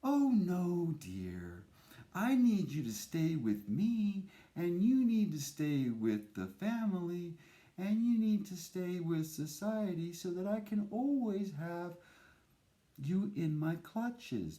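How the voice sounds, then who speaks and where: A man puts on an insecure mother who coos softly and clings to her child. The voice is gentle, slightly raised in pitch, and smothering. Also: very animated, slow, full character voice. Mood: possessive. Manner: soft, cooing, smothering.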